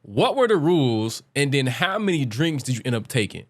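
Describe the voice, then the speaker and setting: A man's voice: mid-range voice, big pitch swings, a little fast. A man hosting a casual podcast interview, laid-back and laughing often. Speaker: podcast host.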